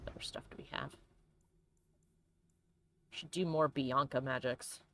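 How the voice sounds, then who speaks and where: A woman's voice: a bass voice, steady tone, a little slow, fairly bright tone, slight background noise. A woman hosting a let's play, chatting casually and playfully about the game, often giggling and reading chat aloud. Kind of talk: casual gameplay commentary.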